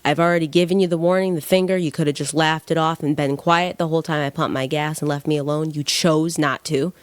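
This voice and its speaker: A woman's voice: low-pitched, fairly even intonation, fairly quick, clear, resonant tone, no echo. A young woman hosting a podcast, talking bluntly in a heated, casual monologue and swearing freely. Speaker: podcast host.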